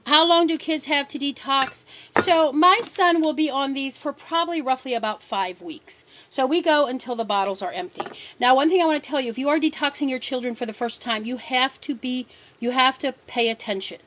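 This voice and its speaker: A woman's voice: sits high, fairly quick, fairly bright tone, slight background noise. A middle-aged woman hosting a casual live stream, answering viewer questions in a firm, direct way and repeating her key points for emphasis. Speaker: livestream host selling supplements.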